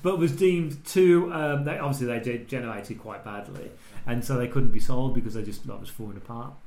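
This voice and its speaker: A man's voice: mid-range voice, brisk, darkish tone, roomy sound. A man from England co-hosting a podcast, chatting casually about a film and sharing trivia with frequent laughs. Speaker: podcast co-host. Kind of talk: casual film commentary chat.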